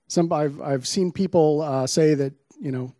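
Man, sermon, scripture reading, slightly high voice, dry sound. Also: a little slow, warm tone, no echo. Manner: reads scripture with dramatic emphasis on quoted lines. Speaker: preacher.

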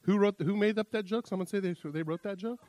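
A man's voice: sits high, fast talker, darkish tone, no room sound. A man preaching as a pastor, talking in a loose, conversational, self-amused way and opening with a joke. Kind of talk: casual sermon with a joke.

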